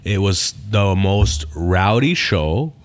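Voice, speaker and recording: Casting: male comedian guest, very low voice, laid-back and profane, casual podcast chat. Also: lively intonation, slow pace. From Canada. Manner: laid-back, swears freely, repeats phrases.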